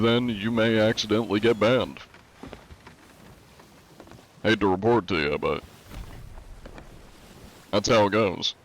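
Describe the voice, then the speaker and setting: A man streaming a game live in a casual, laid-back way, reading chat aloud, answering it and using many "uh" fillers. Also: lowish voice. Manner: frequent "uh" fillers.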